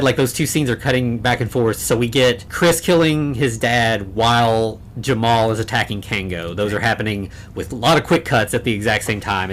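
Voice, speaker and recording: Male podcast co-host, low voice, loose rambling film-recap delivery. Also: fairly bright tone, slight background noise. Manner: rambling, many fillers and restarts. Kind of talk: casual chat recapping a horror film.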